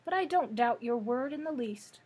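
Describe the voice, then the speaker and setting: A woman's voice: fairly high pitch, lively intonation, normal speed, darkish tone, husky. A woman reading aloud and voicing a wry little old male wizard who teases his friends.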